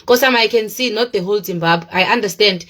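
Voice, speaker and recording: A woman's voice: medium pitch, quick pace, a bit bright. A South African woman with a Zulu accent, a small businesswoman chatting casually and preachily on a livestream, mixing Zulu into her English. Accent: South African, Zulu-speaking.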